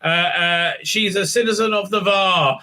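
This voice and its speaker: Brief: male reviewer, high and piercing, sneering, swears, stumbles on fillers. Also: unhurried, sharp tone. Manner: mocking, profane, many filler sounds. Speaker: show reviewer, channel host. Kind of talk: sarcastic TV episode recap.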